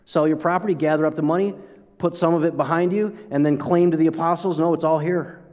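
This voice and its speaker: A man preaching a sermon as pastor, conversational and animated, often breaking off and restarting his sentences. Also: fairly high pitch, fast, long reverb tail. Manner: conversational, animated, self-interrupting.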